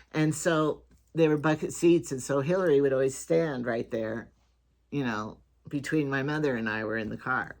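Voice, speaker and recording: Older lady rambling on her home talk show, chatty, keeps restarting. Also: extremely low pitch. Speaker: vlogger host.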